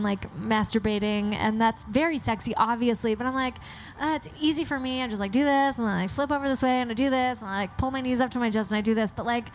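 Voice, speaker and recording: A woman co-hosting a podcast, telling candid stories in an animated, frank way with plenty of swearing. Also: on the high side, slight background noise. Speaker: podcast co-host. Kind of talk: candid casual chat.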